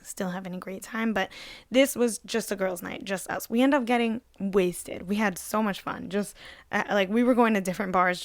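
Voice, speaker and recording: A woman's voice: medium pitch, no echo. Chatty young woman telling a story, dry sound. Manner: animated, lots of "like" fillers, acts out voices in the story. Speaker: podcast co-host. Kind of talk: casual storytelling chat.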